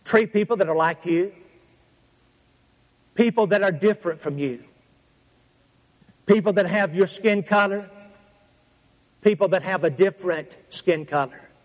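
A male pastor delivers a sermon with a high voice and a rhythmic, repetitive cadence. He drops dramatic pauses between short phrases, and a long reverb from a church hall follows his words.

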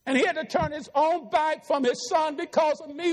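A man's voice: very high voice, steady tone, normal speed. A middle-aged man preaching a sermon in a church, pleading earnestly with his listeners. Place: church sanctuary. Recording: long reverb of a church hall.

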